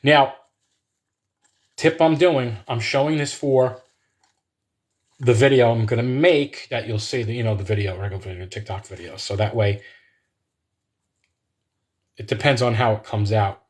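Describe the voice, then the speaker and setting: Speaking at an unhurried pace with long pauses, a medium-pitched man chats with viewers while he cooks. He's hosting a live cooking stream from his home kitchen, and the demo is casual and rambling.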